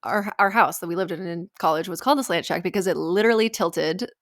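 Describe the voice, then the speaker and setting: A woman's voice: fairly low pitch, fast talker, no room sound, clean studio sound. A woman, co-hosting a podcast as a doctor, chatting casually and explaining medical terms plainly. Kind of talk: casual chat.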